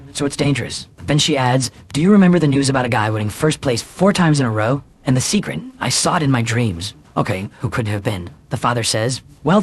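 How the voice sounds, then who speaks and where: Fast-talking husky male recap narrator. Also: mid-range voice. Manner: rushed, even delivery with quick quoted dialogue. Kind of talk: fast scripted story recap, reading all parts.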